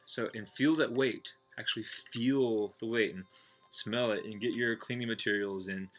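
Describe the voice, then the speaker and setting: Blunt, bright-voiced man teaching meditation. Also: mid-range voice. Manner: blunt, profane, joking; slows and softens when guiding breathing. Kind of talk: casual explanatory talk.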